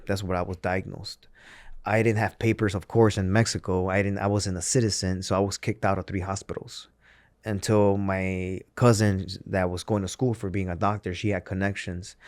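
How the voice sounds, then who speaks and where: A man with a lowish voice talks in a casual interview, telling his story earnestly and candidly as he often circles back and restarts his sentences. The sound is dry and close, with no room around it. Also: dry recording. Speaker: podcast guest, former pro wrestler.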